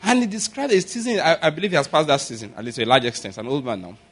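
A man preaching a sermon, telling stories and acting out the people in them with sudden shouts. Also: fairly high pitch, rapid-fire, breathy edge. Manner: storytelling, acts out quoted voices with sudden shouts. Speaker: pastor.

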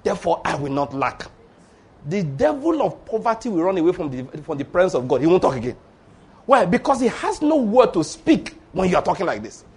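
A high-voiced preacher with a husky edge, swinging his pitch up and down as he presses his points home. He drives the sermon hard, tacking an "oh" onto his warnings and slipping into playful little stories. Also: huge pitch swings, a little fast, a little mellow. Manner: emphatic, exhorting with tag words like "oh".

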